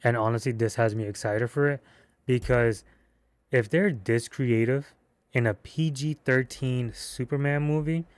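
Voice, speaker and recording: A man giving a casual movie review, excitable and slangy, with cursing and rambling restarts. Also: mid-range voice, dry recording.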